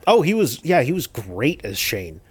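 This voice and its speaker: Easygoing man with a lively pitch. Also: moderate pace, slightly rough, no echo. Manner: easygoing listener, frequent agreeing murmurs. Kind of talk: casual chat.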